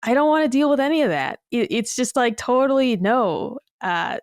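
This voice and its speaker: A woman chatting casually on a podcast, blunt and animated, swearing freely. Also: a little high, normal speed, clean tone, dry recording, clean studio sound. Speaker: podcast guest.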